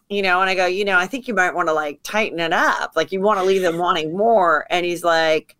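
Chatty woman, lowish voice. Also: fairly quick, hardly any pauses, fairly bright tone. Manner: chatty storyteller acting out quotes. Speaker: comedian guest. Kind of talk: casual podcast chat.

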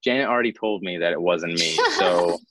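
Low-voiced young man telling stories. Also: a little fast, a bit bright, dry recording, soft background music, rough recording. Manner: chatty storyteller who acts out quoted dialogue. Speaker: actor interviewed about a show. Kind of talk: casual interview chat.

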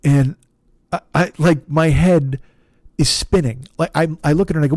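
A man's voice: fairly high pitch, normal speed, a little mellow, no room sound, clean studio sound. A man hosting a podcast, telling a frustrating story in a casual monologue, swearing often and acting out both sides of the conversation. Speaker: podcast host.

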